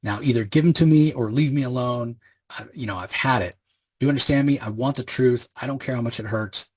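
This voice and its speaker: A man's voice: mid-range voice, brisk, breathy edge, natural voice. Man reading as a fed-up male hellspawn antihero. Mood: furious. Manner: demanding, exasperated.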